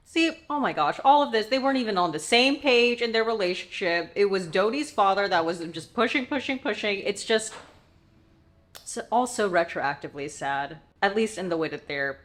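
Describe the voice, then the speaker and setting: A woman's voice: medium pitch, animated, moderate pace. A woman casually reacting to a TV episode, chatty and emotional, with lots of filler words. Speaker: TV show reaction host.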